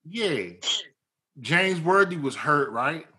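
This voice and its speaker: A man's voice: a little high, slow pace. A man in a casual sports debate, arguing animatedly and cutting in on the others. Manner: animated, argumentative, interrupts.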